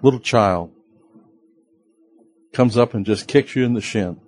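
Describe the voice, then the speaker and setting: A man preaching a sermon in a slow, earnest way, sometimes rising sharply in pitch and loudness for emphasis. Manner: acts out quoted voices of listeners. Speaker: pastor.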